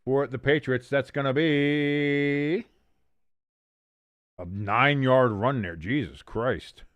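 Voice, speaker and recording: A man's voice: mid-range voice, slow, a bit bright, smooth, no echo. A man hosting a casual sports watch-along stream, doing joking, profane play-by-play and banter. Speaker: livestream host doing play-by-play.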